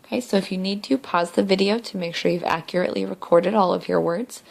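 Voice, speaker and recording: A young woman teacher talking through a recorded spelling lesson, saying words slowly and clearly one at a time. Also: fairly low pitch, steady tone. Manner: slow, clear word-by-word demonstration.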